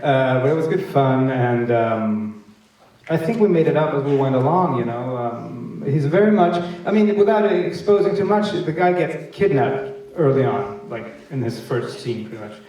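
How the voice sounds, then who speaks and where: An actor guest on a festival stage tells anecdotes in a rambling, hesitant way, laughing often. His mid-range voice is animated and darkly toned, moving at a moderate pace, captured by a distant mic in an echoey hall.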